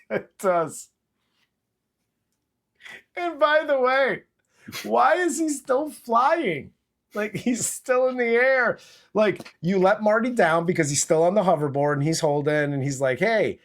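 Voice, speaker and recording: A man hosting a movie-review podcast, recapping scenes in a profane, animated casual chat. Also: sits high, measured pace. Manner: profane, animated retelling with acted quotes.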